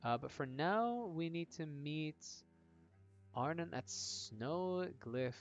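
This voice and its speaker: Chatty streamer narrating a game. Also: male voice, on the high side, expressive, slow. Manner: hesitant, lots of ums, chatty with viewers. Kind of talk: casual live-stream narration. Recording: dull lo-fi audio with faint game music.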